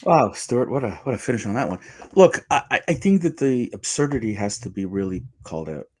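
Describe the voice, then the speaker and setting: A man's voice: mid-range voice, big pitch swings, fairly quick, husky. A man co-hosting a podcast, making an emphatic, argumentative case in political discussion. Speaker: podcast co-host.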